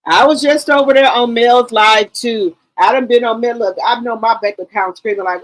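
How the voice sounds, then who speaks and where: A woman's voice: a little high, moderate pace, few pauses, dry recording, poor audio. A woman hosting a casual live stream, greeting viewers one by one and rambling loosely with many ums.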